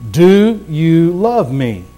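A man's voice: fairly high pitch, big pitch swings, very slow, warm tone, pitched above the performer's own voice, full character voice. A man reading the words of a patient male teacher, asking repeated probing questions with emphasis. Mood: searching.

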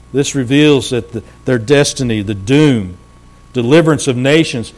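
A man preaching a sermon, slowing down for emphasis and dropping his voice low at the ends of phrases.

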